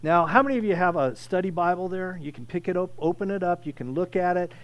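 A male pastor delivers a sermon in a high-pitched voice. He talks conversationally to his congregation, restarting phrases often, then swells loud to drive a point home. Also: quick pace.

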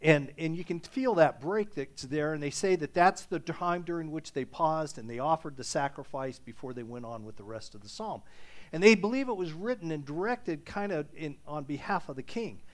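A man's voice: a little high, moderate pace. A man preaching a sermon in a conversational way, stumbling and repeating words as he thinks aloud, then reading scripture with rising intensity. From Irish ancestry. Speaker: pastor.

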